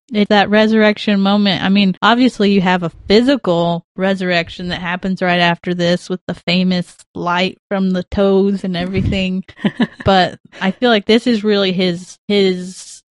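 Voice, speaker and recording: A woman talks earnestly on a casual podcast, her voice warm with feeling and broken by light laughs. She speaks at a middle pitch, and the sound is dry and close to the mic. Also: clean tone, dry recording. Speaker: podcast co-host. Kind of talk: casual podcast chat about films.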